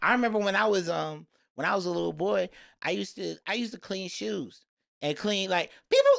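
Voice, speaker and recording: Man, podcast co-host, gravelly voice, bright tone, animated rambling storytelling. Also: high-pitched, fairly quick. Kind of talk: casual chat.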